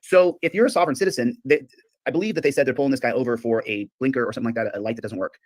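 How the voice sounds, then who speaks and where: A man streaming video commentary, rambling quickly and greeting viewers mid-thought. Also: mid-range voice, a little mellow, dry recording. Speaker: streamer in a played clip.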